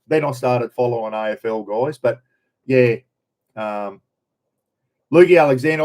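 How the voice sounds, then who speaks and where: A middle-aged man from Queensland with a broad Australian accent, hosting a laid-back livestream. He rambles from one thought to the next and greets his viewers by name. His voice sits at an ordinary, middle pitch. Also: a little mellow. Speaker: livestream host. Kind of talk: casual livestream chat.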